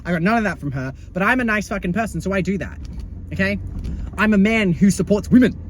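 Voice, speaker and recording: Sassy high-voiced young man ranting. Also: animated, quick pace, slight background noise. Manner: dramatic, sassy and swearing, swings into high exasperated outbursts. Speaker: vlogger. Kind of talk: casual video diary.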